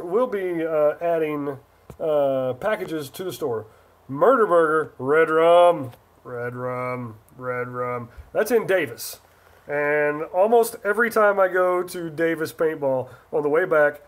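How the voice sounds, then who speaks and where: A man from Northern California hosts a relaxed livestream, rambling through answers as he reads viewer comments aloud. His voice sits noticeably high for a man. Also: normal speed. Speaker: livestream host. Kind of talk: casual live chat answering viewers.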